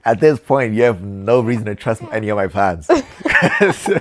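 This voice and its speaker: Low-voiced young man chatting thoughtfully. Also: very animated, normal speed. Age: young adult. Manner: thoughtful, repeats words as he restarts. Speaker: podcast co-host. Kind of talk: casual chat.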